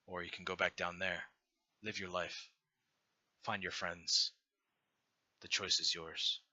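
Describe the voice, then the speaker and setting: A man voicing a serene godlike male being, speaking slowly and softly in a solemn, welcoming way. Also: low-pitched, flat delivery, dry recording, lo-fi sound, pitched below the performer's own voice, full character voice. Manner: slow, hushed, solemn and welcoming.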